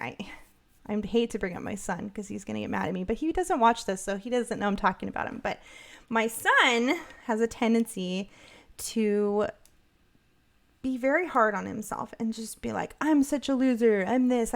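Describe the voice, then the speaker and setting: A woman's voice: medium pitch, a bit bright. A middle-aged woman co-hosting a podcast, chatting casually and upbeat with many fillers and restarts. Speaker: podcast co-host. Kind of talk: casual livestream chat.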